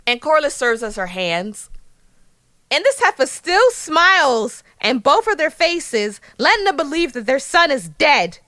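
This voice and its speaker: Philly woman cohosting a tv recap podcast, pretty high voice, swings all over, blunt and slangy. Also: very animated, unhurried, sharp tone, no echo, studio quality. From Philadelphia, USA. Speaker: podcast co-host. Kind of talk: casual TV recap chat.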